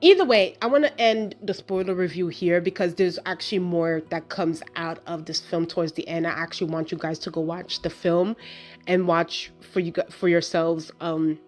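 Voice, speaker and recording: A woman giving a casual, chatty film review, animated and exasperated as she retells the plot with lots of asides and laughter. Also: fairly low pitch. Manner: exasperated storytelling, acting out her own reactions.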